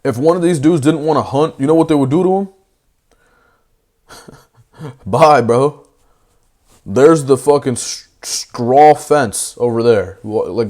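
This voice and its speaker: Young male debater, brash and slangy, mid-pitched, heated and blunt. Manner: brash, profane, slangy, swings loud and fast. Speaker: debate panelist.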